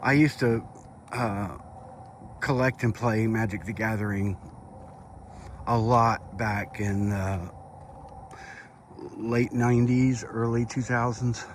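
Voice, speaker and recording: A middle-aged man with the hiccups talks in a fairly low voice as he walks outdoors at night. His delivery is rambling and hesitant, with many fillers. A faint outdoor hum sits behind him. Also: fairly even intonation, slow pace, long pauses. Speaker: vlogger. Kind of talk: casual walk-and-talk update.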